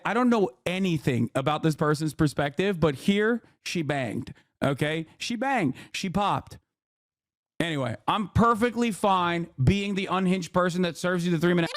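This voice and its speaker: Male streamer, high voice, dry close mic, cussing and animated reactions. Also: dry recording. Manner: profane, animated and boastful. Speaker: streamer and political commentator.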